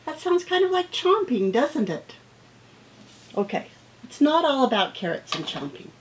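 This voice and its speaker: A woman's voice: sits high, big pitch swings, slight background noise, poor audio. A woman teaching young children, reading aloud and acting out sound words playfully. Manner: slow, warm-up teacher talk with playful sound effects. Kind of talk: read-aloud lesson for children.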